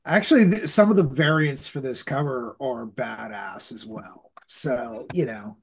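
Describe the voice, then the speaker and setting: A man's voice: medium pitch, unhurried, gravelly, slightly rough. A man co-hosting a casual comic book podcast, talking in a laid-back way with short reactions. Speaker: podcast co-host. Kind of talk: casual chat.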